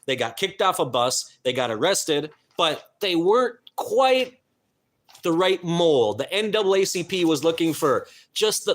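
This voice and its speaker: Earnest man talking on a live stream. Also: fairly high pitch. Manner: earnest, emphatic, stumbles over names. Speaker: host.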